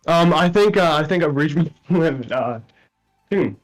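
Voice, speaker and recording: A man's voice: fairly high pitch, lively intonation, moderate pace, soft background music. Young man, video call, awkward, self-mocking, laughing a lot. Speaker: contestant on a dating stream. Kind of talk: casual stream chat.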